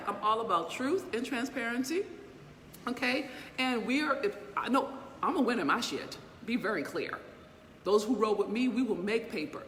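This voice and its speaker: A woman's voice: medium pitch, a bit bright. Middle-aged woman motivational speaker, emphatic and profane, talking straight to viewers. Long reverb tail on the voice. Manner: emphatic, blunt and profane, full of rhetorical check-ins. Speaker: inspirational speaker and business mentor. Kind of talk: motivational livestream talk. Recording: long reverb with faint background noise.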